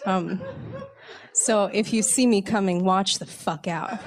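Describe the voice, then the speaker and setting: A young woman comedian telling a comic personal story in a wry, self-mocking, animated way. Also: medium pitch, slow pace.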